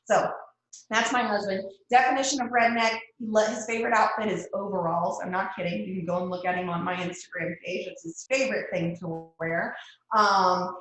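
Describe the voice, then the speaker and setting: A woman's voice: medium pitch, fairly even intonation, brisk, a bit bright. Texan lady giving a pep talk, chatty, says stuff twice or three times, really echoey room. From Texas. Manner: chatty, repeats phrases for emphasis. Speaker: guest host. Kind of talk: motivational talk to a team.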